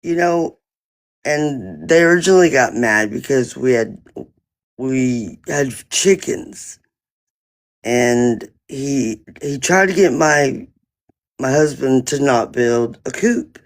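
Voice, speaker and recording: A man's voice: medium pitch, slow. A man on a phone live stream, rambling through an indignant, profane story about a neighbor in casual chat. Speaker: livestreamer.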